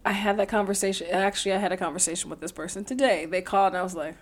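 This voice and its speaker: A woman co-hosting a podcast in casual chat, agreeing often and reflecting in a soft way. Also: medium pitch, racing. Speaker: podcast co-host.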